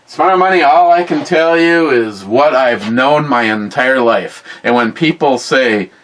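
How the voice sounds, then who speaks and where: Livestream host, male, mid-range voice, slow rambling delivery, blunt and profane. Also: medium pitch, a bit bright, poor audio. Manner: rambling, blunt, swears freely. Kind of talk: casual chat, reading viewer comments aloud.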